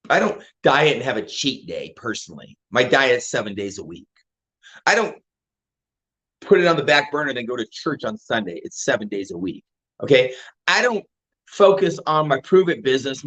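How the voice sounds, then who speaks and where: An older man, a fitness and home business coach, gives a casual motivational talk with lots of energy, hammering home his points with rhetorical questions. His voice is fairly high-pitched, and the audio is dull and lo-fi.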